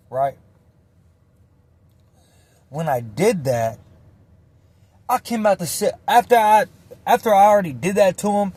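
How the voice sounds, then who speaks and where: A man casually telling a personal story in slangy, animated speech full of swearing. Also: high voice.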